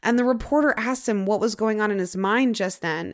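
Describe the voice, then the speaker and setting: A young woman hosts a podcast and recounts a true-crime case in a loose, conversational way. She keeps slipping in "like" and slows down for dramatic beats. Her pitch sits in an ordinary middle range. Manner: chatty, frequent "like" fillers, dramatic pauses. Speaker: podcast host. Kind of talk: casual true-crime storytelling.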